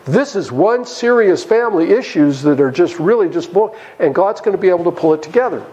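A man teaches a Bible study class in a church setting. His voice sits fairly high and swings widely in pitch. He keeps asking his listeners questions and acts out the characters' lines as he tells the story. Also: lively intonation, fairly quick, dark tone, rough recording. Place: church hall.

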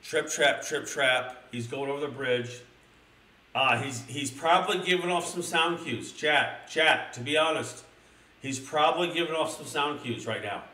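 A young man streaming a crude comedic storybook reading, excitably addressing his chat. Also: on the high side, moderate pace, far from the mic. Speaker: streamer reading a children's book. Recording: roomy, a little off-mic, faint noise.

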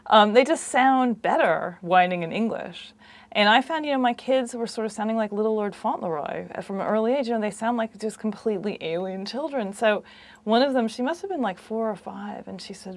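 An American journalist speaks in a loose, conversational interview style, dropping in plenty of "you know" asides as she tells stories. Her voice sits in a middle range for a woman and carries a noticeable gravelly fry. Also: mid-range voice, animated, normal speed, dry recording. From United States. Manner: chatty, anecdotal, frequent "you know" asides.

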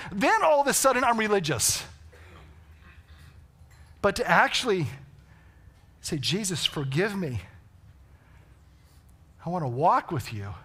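High-voiced man preaching a sermon. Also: a bit bright. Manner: storytelling with rhetorical questions to the congregation. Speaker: pastor. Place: church sanctuary.

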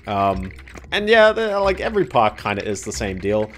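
A man's voice: fairly low pitch, big pitch swings, moderate pace, a little hiss or hum. A young man giving casual, rambling gameplay commentary as a streamer. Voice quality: rambling, self-deprecating.

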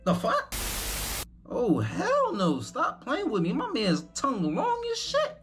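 A man's voice: very high voice, huge pitch swings, slow pace, fairly bright tone, husky, soft background music. A young man giving rambling, profane, incredulous commentary while hosting a reaction video.

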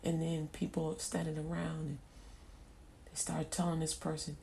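A woman giving an impassioned spoken testimony on the radio, swinging from hushed murmurs to loud emphatic bursts and repeating phrases fervently. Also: low voice, completely flat delivery, moderate pace, creaky, a little hiss or hum. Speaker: radio preacher.

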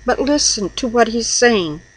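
A woman's voice: on the high side, lively intonation, unhurried, slightly rough, poor audio. A middle-aged woman giving an earnest personal devotional sermon, reading scripture aloud and confessing her own faults. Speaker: lay preacher.

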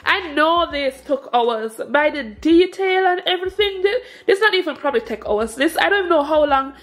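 A young woman with a high voice talks through an unboxing in a casual vlog. She gushes, sounds emotional and breaks into laughter easily. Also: lively intonation, moderate pace, fairly bright tone. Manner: gushing, emotional, laughs often. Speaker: family vlogger, mother.

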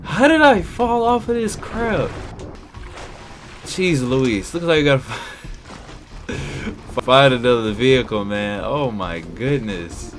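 A young man commentating his game playthrough, excitable and yelling at the game. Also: mid-range voice, takes it slowly, a little hiss or hum. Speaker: gamer. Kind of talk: let's play commentary. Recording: game music behind.

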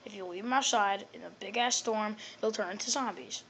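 Crude, excitable woman gamer. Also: mid-range voice, a little fast, slight background noise, rough recording. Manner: crude, excitable, swears often. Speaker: let's play gamer. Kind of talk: casual game commentary.

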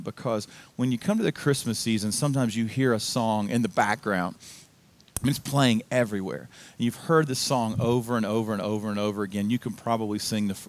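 A man preaching a sermon as pastor in a church, in a casual, conversational storytelling manner. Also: on the low side. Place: church sanctuary.

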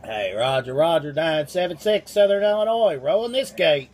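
Man, CB operator, high voice, folksy radio lingo, phone mic. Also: expressive, moderate pace, darkish tone, slight background noise. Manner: folksy, uses radio call-sign lingo. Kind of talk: CB radio chat. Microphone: iPhone.

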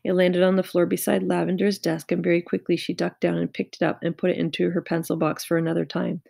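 A woman narrates a children's storybook at a medium pitch, her voice carrying a gravelly, slightly creaky grain. The reading is measured and expressive. The recording is dry and close, with no room sound. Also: dry recording. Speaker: audiobook reader.

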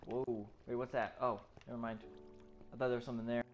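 A let's play gamer narrates live gameplay, jumping between startled yelps and muttered asides while swearing constantly. The voice sits at a middling pitch. Clear background music plays under the talk throughout. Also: little pitch movement, fast, dull audio.

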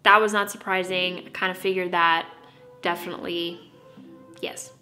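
A woman's voice: fairly low pitch, flat delivery, moderate pace, bright, forceful tone, soft background music. A young American woman talking to camera in a casual vlog, bubbly and playfully dramatic. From United States. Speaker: vlogger.

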